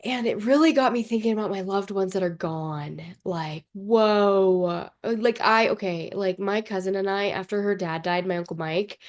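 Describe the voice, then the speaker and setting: A woman hosting her own show, talking in a rambling, emotional confessional monologue full of "like", close to tears. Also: on the low side. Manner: rambling and emotional, heavy use of "like". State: tearful, close to crying. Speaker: podcast host.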